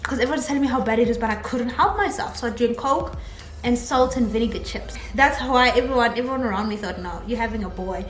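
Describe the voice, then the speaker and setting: A young woman vlogger telling a personal story in a chatty, animated way, often laughing as she talks. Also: a little high, fast. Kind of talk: casual storytelling vlog. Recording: echoey room, faint ambient noise.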